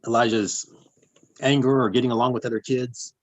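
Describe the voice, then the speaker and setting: A man examining a witness in court, measured with small fillers. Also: medium pitch, level tone, dry recording, poor audio. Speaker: attorney questioning witness.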